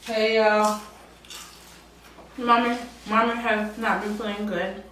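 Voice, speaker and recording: Woman mukbang host, slow, chatty and laughing, recorded far from the mic in a roomy space. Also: medium pitch, level tone, a bit bright, a little hiss or hum. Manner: chatty, laughing, southern-style drawl words like y'all. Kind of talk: casual mukbang chat. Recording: echoey room from far off mic.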